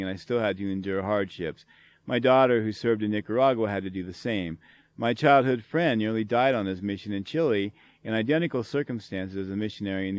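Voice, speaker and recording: Profane, ranting middle-aged man, smooth dry voice. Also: on the low side, no echo. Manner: angry, profane, sarcastic ranting. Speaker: podcast host. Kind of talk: ranting solo commentary.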